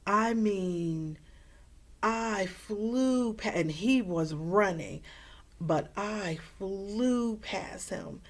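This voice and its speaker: A woman in her forties with a lowish voice tells a motivational story at an unhurried pace. She acts out the people in it and laughs often. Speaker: motivational vlogger. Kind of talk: inspirational storytelling.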